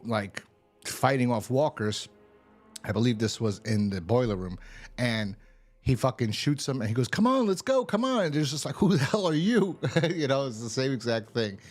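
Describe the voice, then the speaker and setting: A man casually recapping a TV episode, rambling and swearing as he acts out the characters' lines. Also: medium pitch. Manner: rambling, profane, acts out quotes. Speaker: TV show reviewer.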